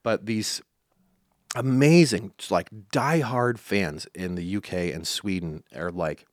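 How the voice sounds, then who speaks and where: A man's voice: fairly low pitch, takes it slowly, dry recording, clean studio sound. A young man from Iowa, a country musician, telling stories in a casual interview, rambling with fillers and restarts. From Iowa, USA.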